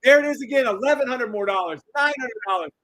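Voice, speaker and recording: Hyped-up man yelling on a trading stream. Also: extremely high pitch, lively intonation, fast talker, no echo, poor audio. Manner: hyped, yelling, profane, repetitive hype phrases. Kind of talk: live-stream trading commentary.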